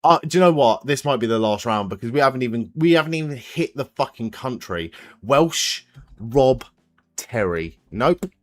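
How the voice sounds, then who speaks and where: Animated man hosting a live stream. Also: medium pitch, no echo. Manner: thinks aloud, swears freely, quick laughs. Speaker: watch-along stream host. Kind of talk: casual live stream chat, playing a guessing quiz with viewers.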